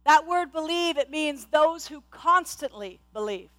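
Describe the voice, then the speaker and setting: High-voiced passionate woman preaching. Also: lively intonation, a little slow, a bit bright. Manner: passionate, repeats words, stammers on restarts. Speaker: pastor. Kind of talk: sermon.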